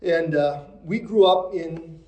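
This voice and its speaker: A middle-aged man from Minnesota preaching a sermon as pastor, moving from quiet, intimate passages to raised, emphatic ones. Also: a little high, slow, roomy sound, poor audio. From Minnesota, USA.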